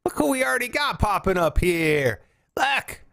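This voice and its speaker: A man hosting a morning show with a loud, excitable, rambling delivery. His pitch sits a little high and swings widely from line to line. The sound is dry and close, with no room around it. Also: moderate pace, vocal fry, no echo. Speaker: podcast host. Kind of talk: casual morning show chat.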